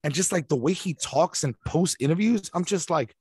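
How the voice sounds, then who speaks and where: A man's voice: on the high side, normal speed, darkish tone, breathy edge, dry recording. A man in a casual podcast chat, ranting bluntly with lots of swearing. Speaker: podcast co-host.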